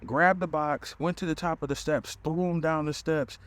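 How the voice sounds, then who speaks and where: A man's voice: a little high, normal speed. Man telling a funny dating story. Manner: animated storyteller, talks right to listeners. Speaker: podcast host. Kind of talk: comedic dating story time.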